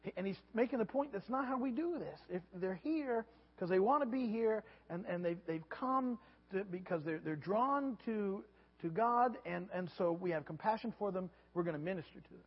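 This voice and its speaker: A pastor preaching a sermon, animated and repeating his words, sometimes acting out voices. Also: sits high, moderate pace, husky. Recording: dull lo-fi sound with long hall reverb.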